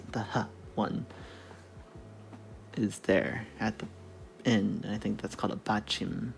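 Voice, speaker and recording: Male streamer, low gravelly voice, unhurried thinking-aloud delivery with casual swearing. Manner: muttering, self-correcting, swears casually.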